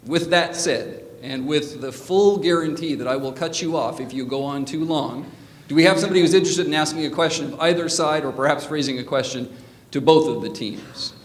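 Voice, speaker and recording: A man moderating a public debate in a theatre, wry and joking as he sets out the rules. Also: on the high side. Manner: wry, joking, clear instructions. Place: theatre pub auditorium. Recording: echoey hall mic.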